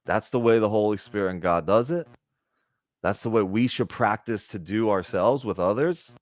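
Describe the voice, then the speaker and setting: A man's voice: on the low side, moderate pace, no room sound. A man giving a conversational spiritual talk to a group, often checking in with "right?" and acting out little bits of dialogue. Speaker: spiritual teacher.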